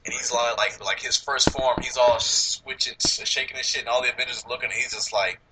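A man co-hosting a casual movie podcast, excitable, swearing freely and laughing often. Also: medium pitch, fairly quick, background noise. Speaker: podcast co-host.

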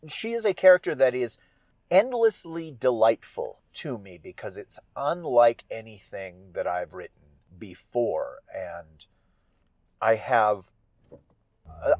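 A man, an author, talking reflectively about his stories, with halting, wandering phrasing. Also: mid-range voice, a little mellow, no room sound. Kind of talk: reflective solo talk.

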